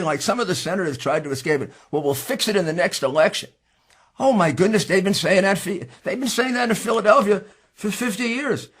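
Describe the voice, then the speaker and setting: Husky man giving a fiery speech. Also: high-pitched. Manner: emphatic, combative, rising to shouts. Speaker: speaker at a political hearing. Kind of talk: impassioned political speech.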